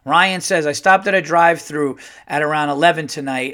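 A male podcast host rants and jokes with crude humor in a loose, animated way. His voice sits a little higher than most men's. He breaks into laughter often and slips into mocking impressions. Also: moderate pace, hardly any pauses. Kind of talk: casual comedic podcast monologue.

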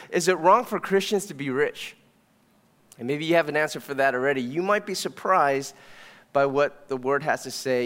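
A man preaching as pastor, telling stories in a casual, animated way. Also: on the high side. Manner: conversational storytelling, animated. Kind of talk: sermon. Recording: long hall reverb.

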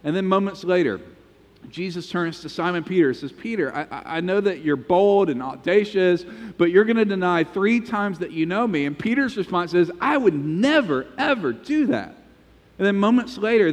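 Man, pastor, sermon, animated storytelling, higher voice, big reverberant church. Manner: animated storytelling, acts out quotes. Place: church sanctuary.

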